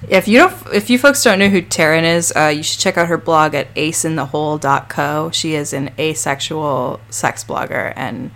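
A woman co-hosting a podcast in casual, candid chat, her voice low and gravelly this week. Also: normal speed, few pauses, a bit bright. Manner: chatty and candid. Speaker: podcast co-host.

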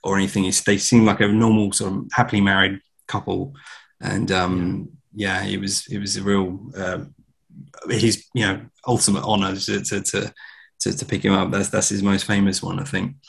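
Gravelly low-voiced man telling stories. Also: flat delivery, moderate pace. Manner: rambling anecdotal storyteller. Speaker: podcast guest. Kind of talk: casual film chat.

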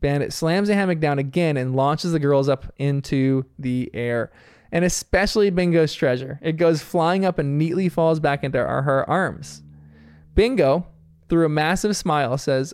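Chatty male reviewer, somewhat high, smooth clear voice, dry close sound. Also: normal speed, a little mellow, dry recording. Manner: amused, chatty, laughing often. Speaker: cartoon episode reviewer. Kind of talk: casual episode recap.

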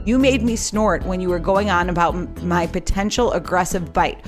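A woman's voice: on the low side, over music. A woman co-hosting a podcast, reading listener emails in a bubbly, teasing way. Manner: bubbly, teasing, quick to laugh. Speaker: podcast co-host. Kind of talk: casual comedic chat, reading listener emails.

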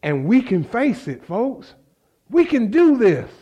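A man's voice: extremely high pitch, wildly swooping pitch, takes it slowly, dark tone, dull audio. A man preaching a sermon in a fervent, conversational way, repeating phrases and calling out to the congregation. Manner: fervent, conversational preaching with repetition and call-and-response.

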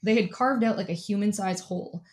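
An animated woman tells a story as an interview guest. She talks casually, leans on "like" again and again, and breaks into laughter as she goes. Her voice sits at a middle pitch for a woman. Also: a little fast. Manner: animated, fills speech with "like", laughs often. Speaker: interview guest, athlete and keynote speaker.

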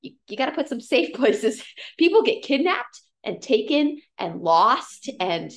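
A woman co-hosting a chatty podcast throws in jokey, playful comments. Her voice sits on the higher side and moves up and down a lot as she talks. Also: unhurried. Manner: playful, jokey, laughs often, lively asides. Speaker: podcast co-host. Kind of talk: casual chat, joking commentary.

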